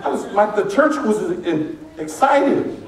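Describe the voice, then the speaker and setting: A man preaching as pastor to his congregation, lively and joking with the people in the pews. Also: high voice, unhurried. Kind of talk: sermon. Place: large church sanctuary. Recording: echoey church from a distance.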